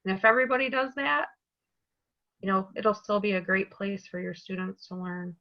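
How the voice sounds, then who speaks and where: A woman's voice: mid-range voice, fairly even intonation, normal speed, highs cut off. A woman on the staff of a community college, speaking earnestly and from the heart in a webinar panel discussion over a video call.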